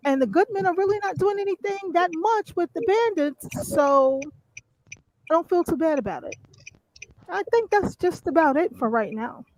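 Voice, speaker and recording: A high-voiced, blunt, opinionated woman on a panel. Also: animated, normal speed, a little mellow, poor audio. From United States. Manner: blunt, opinionated, plain-spoken. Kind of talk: live-stream panel discussion.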